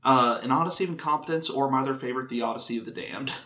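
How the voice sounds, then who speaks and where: A man's voice: medium pitch, very fast, sharp tone, slight background noise. A man hosting a casual podcast, telling a history story in a rambling, joking way and often correcting himself.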